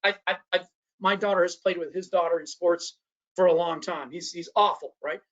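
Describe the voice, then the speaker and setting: A man giving a workshop talk full of personal anecdotes. He fills pauses with "uh, uh" and checks in with "right?". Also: high voice, fairly even intonation, fairly bright tone, dull audio. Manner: storytelling, frequent "uh, uh" and tag questions "right?". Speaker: workshop speaker. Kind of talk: anecdotal presentation to an audience.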